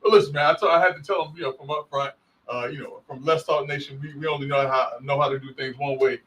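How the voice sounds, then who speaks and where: Brief: male podcast co-host, bright and sharp tone, rambling with lots of fillers, a bit off-mic. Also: on the high side, quick pace, recorded from a distance, poor audio. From Central Florida. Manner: rambling with many fillers and restarts, bursts into loud animated storytelling. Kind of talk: casual podcast chat.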